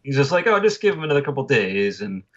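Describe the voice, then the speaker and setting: Fast-talking husky man on a call. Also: medium pitch, very animated, highs cut off. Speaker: podcast co-host. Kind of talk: casual film review chat.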